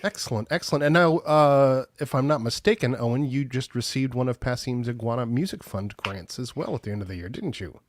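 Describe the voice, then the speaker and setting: A man's voice: mid-range voice, brisk, hardly any pauses, no room sound, clean studio sound. A man hosting a virtual open mic, introducing performers with upbeat, slightly stumbling patter.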